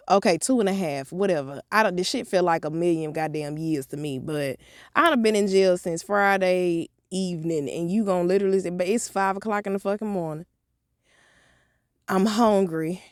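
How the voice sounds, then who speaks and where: A woman vlogger telling a story from her own life in an animated, profane, blunt way. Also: lowish voice, normal speed, no echo, clean studio sound. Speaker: motivational vlogger. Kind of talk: storytime vlog.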